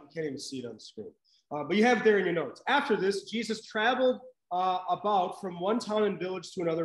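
A man's voice: high-pitched, roomy sound, low-quality recording. A man teaching a live Bible class in a conversational way, checking in with "right?" and using many fillers.

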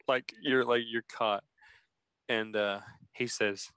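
A man's voice: mid-range voice, measured pace, clear, resonant tone, no echo, poor audio. A man hosting a podcast, telling a story casually and acting out the quoted text messages. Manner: animated, acts out quoted texts. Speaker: podcast host.

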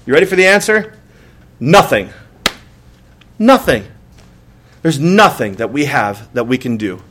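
Very animated and fairly quick, a pastor with a medium-pitched, fairly bright voice gives a sermon in church. He talks conversationally, repeats words, asks rhetorical "right?" questions often, and dramatizes exasperated outbursts.

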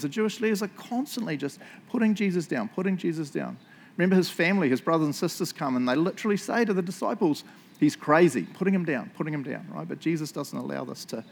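A man's voice: on the high side, lively intonation, fast talker, creaky, a little mellow. A man with a New Zealand accent preaching a sermon in a church, chatty and joking, often tagging lines with "eh?" and "right?". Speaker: pastor.

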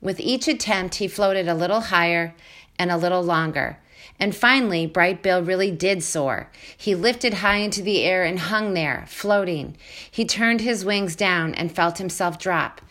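A woman's voice: lowish voice, a little slow, fairly bright tone. Woman reading a children's story aloud. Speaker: storybook reader.

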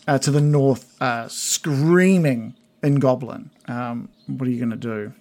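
A man's voice: medium pitch, unhurried, darkish tone. A man running a tabletop game, narrating scenes loosely with many fillers. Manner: rambling descriptive narration with fillers. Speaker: game master.

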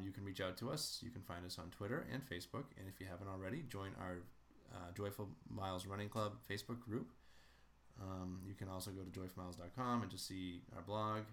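A male podcast host with a very low voice signs off the show in a loose, rambling way. He laughs easily and fills his pauses with ums. A faint hiss runs under the recording. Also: gravelly, a bit bright. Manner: laughing often, rambling with fillers. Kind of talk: casual podcast chat.

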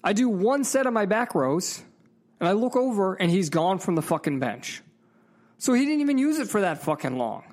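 A man's voice: high-pitched, very animated, normal speed, a little mellow. Man, casual vlog rant, swearing a lot, heated and emphatic, talks straight to the viewer. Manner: digressive, with asides to the viewer. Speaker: vlogger.

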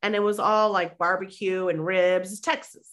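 A woman, a mindset and manifestation coach, telling a lively personal story as a podcast guest and acting out the people in it. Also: mid-range voice, moderate pace. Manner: animated, acts out quoted voices; conversational with fillers like "like". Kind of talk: anecdotal storytelling in an interview.

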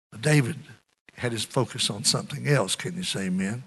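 Bright-voiced preacher calling for amens. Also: male voice, mid-range voice, fairly quick, gravelly, husky. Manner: call-and-response preaching, urging amens; swings between loud emphasis and hushed asides. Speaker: pastor. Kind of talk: sermon.

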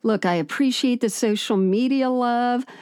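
A woman co-hosting a podcast in casual chat, wry and quick to interrupt. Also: fairly high pitch, darkish tone, clear, resonant tone, no room sound, clean studio sound. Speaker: podcast co-host.

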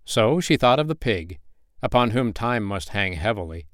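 Male bedtime-story narrator, gentle and expressive, animated pitch, dry close mic. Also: normal speed, no room sound. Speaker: podcast storyteller.

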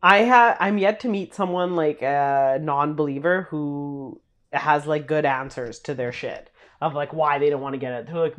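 A woman's voice: low voice, moderate pace, lo-fi sound. A woman co-hosting a podcast in casual chat, laid-back and jokey, swearing now and then. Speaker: podcast co-host.

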